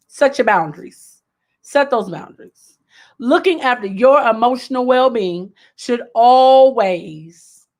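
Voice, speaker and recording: Woman host giving life advice, emphatic, says things twice, voice a bit high. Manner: emphatic, repeats points for emphasis. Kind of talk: live self-help talk.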